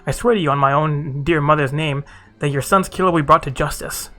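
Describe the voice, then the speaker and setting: A man voicing a pompous, bumbling gentleman detective with grandiloquent, theatrical speech. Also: a little high, a little fast, soft background music, close to an everyday voice. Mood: apologetic.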